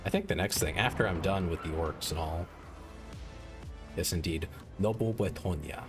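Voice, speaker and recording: A man's voice: low-pitched, normal speed, music in the background. A man streaming a strategy game, chatting casually and rambling in a self-mocking way, full of "like" fillers, into a desk microphone. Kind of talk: casual gaming stream chat.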